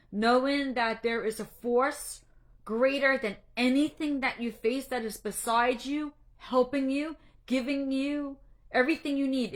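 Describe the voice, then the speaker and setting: A woman coach talks slowly and earnestly about faith and finding peace, her voice a little high. She is emotional and close to tears, and she often stumbles and restarts her sentences. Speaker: anxiety coach. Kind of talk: faith-based encouragement talk.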